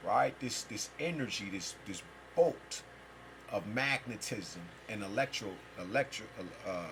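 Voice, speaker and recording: A man's voice: fairly low pitch, animated, unhurried, noisy background. A man giving a free-flowing spiritual talk as a teacher, rambling and emphatic, with heavy slang and profanity.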